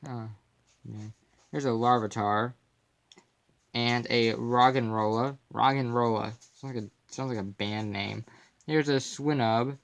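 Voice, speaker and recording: A young man with a medium-pitched, gravelly, fry-tinged voice takes his time going through his card collection in casual off-camera commentary. His intonation is fairly even and his pace slow, and he keeps it loose and jokey with puns and soft mumbled asides.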